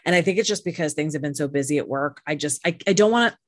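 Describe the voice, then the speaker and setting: A woman's voice: low-pitched, fast talker, no room sound, studio quality. A woman co-hosting a podcast, chatting casually with lots of fillers and casual swearing, recorded over a video call. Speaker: podcast co-host. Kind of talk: casual chat.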